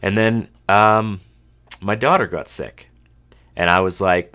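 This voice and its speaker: Male podcast host, 30s, from Canada, very low voice, congested, wry casual monologue. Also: takes it slowly, pushed and bright. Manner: dry, self-mocking humor. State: stuffed up from a cold.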